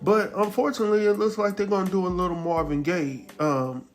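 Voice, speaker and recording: A man with a fairly high voice hosts a casual recap of a TV episode. He tells the story in a lively, slangy way, acting out what each character says. Faint music plays underneath. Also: fairly quick. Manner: animated storytelling, acts out characters' lines; slangy, laughs at his own jokes. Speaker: recap show host.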